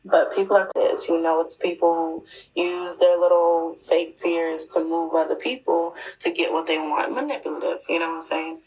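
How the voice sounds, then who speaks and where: Woman, low voice, emphatic casual chat, echoey room, distant mic. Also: steady tone, moderate pace, darkish tone, soft background music. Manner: emphatic, keeps checking in with listeners.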